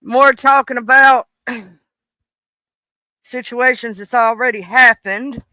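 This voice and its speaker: Bright, crisp-voiced livestream host. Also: mid-range voice, fairly even intonation, slow, dry recording. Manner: blunt, preachy, swears freely. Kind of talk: casual livestream commentary. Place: home room. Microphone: desk microphone.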